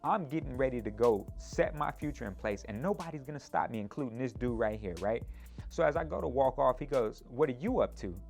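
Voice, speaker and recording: A man in his twenties telling a personal story in a lively, animated way, often ending points with a quick question to the listener. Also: medium pitch, creaky, soft background music. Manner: animated, speeds up in retellings, tag questions.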